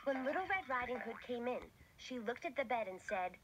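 A woman giving expressive, scripted storybook narration. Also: a little high, brisk, hardly any pauses, a little hiss or hum, poor audio. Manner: expressive, lively. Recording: narration over music.

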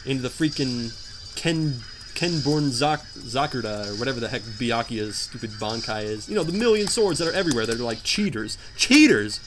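A young man giving jokey, animated commentary while playing a hard video game, often shouting in frustration. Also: mid-range voice, a little fast, background noise. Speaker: gameplay commentator. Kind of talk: let's play commentary.

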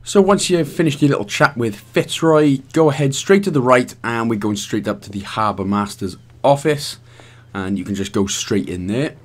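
A Welsh man hosting a game walkthrough, his voice sitting at an ordinary middle pitch. He chats casually and rambles a little, tossing in self-mocking asides as he guides the viewer. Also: expressive, moderate pace, hardly any pauses. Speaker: gaming guide host.

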